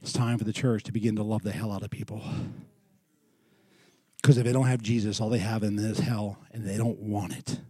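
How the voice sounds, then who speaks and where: Man preaching with a dark, dry voice. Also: fairly quick, slightly rough, no echo. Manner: swings between loud lively storytelling and quiet earnest lows. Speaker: pastor. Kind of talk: sermon with storytelling. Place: church.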